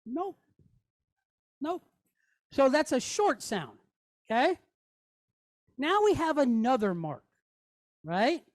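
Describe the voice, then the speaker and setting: Chatty woman teaching a slow lesson. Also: high-pitched, big pitch swings, no echo, studio quality. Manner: chatty, checks in with "okay?" and "right?". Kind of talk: classroom lesson.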